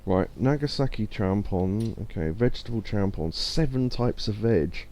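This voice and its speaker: A man chats his way through a video game stream, reading out chat and making fun of himself. His voice sits on the low side and sounds warm and mellow. A faint hiss runs under the recording. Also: lively intonation, moderate pace. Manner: chatty, self-deprecating, reads chat aloud. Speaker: gaming streamer. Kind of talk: casual let's play commentary.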